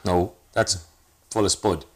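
A man's voice: sits low, fairly even intonation, slow, a little mellow. A man co-hosting a podcast, teasing his friend and laughing in casual comedic chat. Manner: playful, teasing, laughs often. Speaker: podcast co-host.

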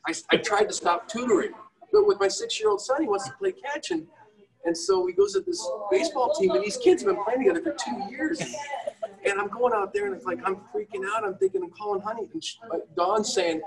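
A man's voice: sits high, fairly quick, vocal fry, recorded from a distance, crowd noise, poor audio. A middle-aged man, an entrepreneur and father, telling candid, self-deprecating stories and quoting himself. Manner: animated, self-deprecating, quotes himself in raised voices. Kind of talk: candid storytelling in a conversation.

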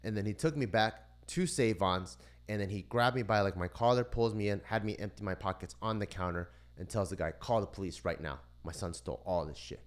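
A man on a casual podcast, telling a story in lively, profane fashion and acting out the people in it. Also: lowish voice, a little fast. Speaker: podcast co-host.

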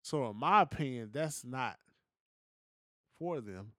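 A man co-hosting a podcast, giving his opinions in a relaxed, slangy, casual chat. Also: mid-range voice, slow, no echo, studio quality. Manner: laid-back, opinionated, slangy. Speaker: podcast co-host.

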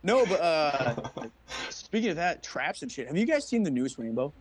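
A man's voice: on the high side, normal speed, a little hiss or hum. A young man co-hosting a casual chat podcast, telling stories with lots of swearing and acted-out quotes. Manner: animated storytelling, heavy swearing, acts out quotes. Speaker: podcast co-host.

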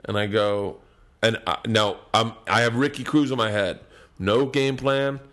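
A middle-aged man telling wild stand-up stories in a casual, profane talk, swinging between loud and hushed. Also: on the low side, steady tone, measured pace. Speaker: guest comedian. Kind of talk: casual podcast storytelling.

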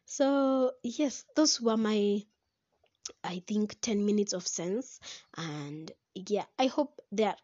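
A young woman talks straight to camera in an animated, chatty way. Her voice sits at a middle pitch. The sound is dry and a little dull. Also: slow pace, no echo. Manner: chatty and animated, breaks into laughter, slips into Swahili. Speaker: vlogger. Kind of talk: casual talk to camera about relationships.

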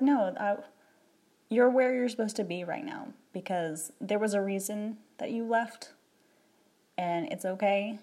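A woman's voice: mid-range voice, a little mellow. A woman talking candidly to camera in a personal vlog, reflecting in a rambling, emotional way with many restarts. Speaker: vlogger.

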